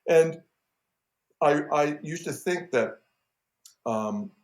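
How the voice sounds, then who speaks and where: A middle-aged man, a composer, telling stories in a casual interview, self-deprecating and halting, with many restarts. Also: fairly high pitch, expressive. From Canada. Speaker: film and TV composer, guest.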